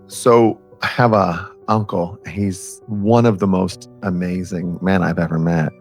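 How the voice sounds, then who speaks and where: Earnest gravelly man talking to camera. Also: sits low, fairly even intonation, a little slow, a little mellow, soft background music. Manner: earnest, rambling, direct questions to viewer. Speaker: self-help speaker. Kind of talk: personal story and advice to camera.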